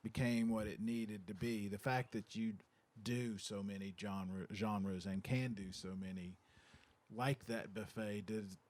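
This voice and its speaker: A man, a newspaper reporter, asking measured questions with small hesitations in a casual interview. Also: on the low side, fairly even intonation, darkish tone.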